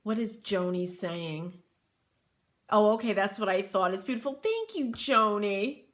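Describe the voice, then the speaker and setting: A middle-aged woman from Connecticut, with the accent to match, hosts a live craft tutorial, chatting and laughing while reading viewer comments out loud. Her voice sits at a medium pitch and is expressive, with a measured pace.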